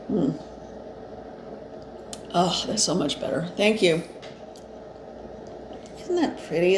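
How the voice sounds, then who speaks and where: A woman giving a casual spiritual card reading, chatty and reassuring, with fillers and restarts, a bit short of breath. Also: fairly low pitch. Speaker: psychic reader. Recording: echoey room, faint ambient noise.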